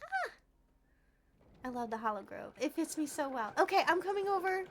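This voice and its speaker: A young woman streamer chats with viewers while playing a cozy game, her high voice sing-song at a moderate pace. She gushes sweetly, laughs softly and often clears her throat during the casual livestream chat. A faint hiss of background noise sits under the recording.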